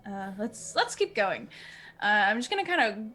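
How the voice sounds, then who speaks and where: A woman's voice: mid-range voice, very animated, moderate pace, sharp tone. A woman playing a tabletop role-playing game, eagerly asking the game master questions. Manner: eager, asks many questions. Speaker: player.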